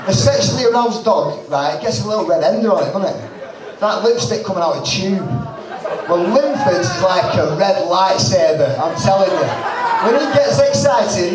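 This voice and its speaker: A man with a Lancashire accent doing stand-up, with blunt, sweary, self-mocking banter. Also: high-pitched. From Lancashire, northwest England. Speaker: stand-up comedian. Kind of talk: stand-up set. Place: small comedy club. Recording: roomy club recording from far off, crowd audible. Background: audience laughter.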